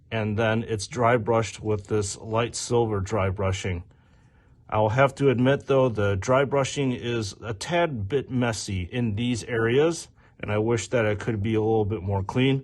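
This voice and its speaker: Casting: an upbeat male review host with a mid-pitched, chatty delivery. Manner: upbeat, detail-focused commentary. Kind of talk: casual product review.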